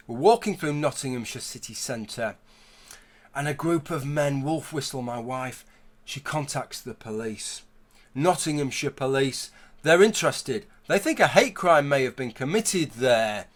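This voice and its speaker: Argumentative man, slightly high voice. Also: a bit bright. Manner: argumentative, conversational, builds hypothetical scenarios. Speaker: YouTube commentator. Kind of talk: opinion commentary monologue.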